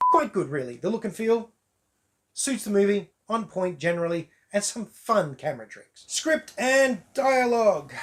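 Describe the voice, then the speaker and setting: A man's voice: high-pitched, fairly bright tone, a little hiss or hum. A man reviewing a movie in a casual, wry way, piling on exaggerated put-downs and laughing at them.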